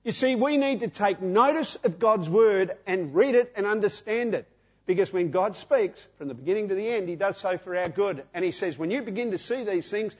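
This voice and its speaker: A man's voice: high voice, lively intonation, moderate pace, slightly rough. A man in his sixties with an Australian accent, preaching a sermon emphatically, repeating phrases and asking the congregation questions. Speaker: pastor. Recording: dull lo-fi sound.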